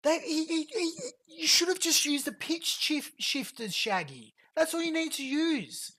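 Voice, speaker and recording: A woman's voice: high-pitched, animated, pushed and bright. A woman streamer giving a profane, mocking reaction commentary to a clip. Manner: profane, fast mocking rants.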